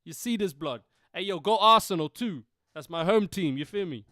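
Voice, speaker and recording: A man putting on a put-on London roadman accent for a young swaggering slang-heavy guy, loud and hyped. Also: high voice, expressive, moderate pace, no room sound, studio quality, voice pushed up. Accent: London roadman English, put on.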